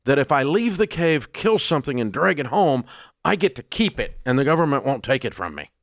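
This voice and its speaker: A man hosting a radio talk show, ranting bluntly and scornfully, his voice jumping loud and high when he gets worked up. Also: very animated, brisk, dry recording, clean studio sound. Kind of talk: opinionated talk radio rant.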